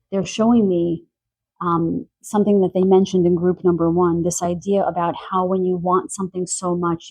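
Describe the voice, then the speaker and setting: A woman giving a spiritual pick-a-card reading, gentle and searching, relaying messages with pauses and fillers. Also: lowish voice, no room sound, low-quality recording. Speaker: tarot card reader. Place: quiet room in the evening.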